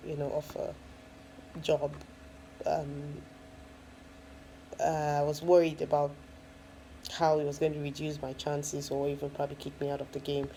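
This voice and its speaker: A woman's voice: deep voice, mellow, slight background noise, poor audio. A woman, a first-time mom, casually telling her own story with lots of fillers and frequent laughs. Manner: chatty, many fillers, laughs often.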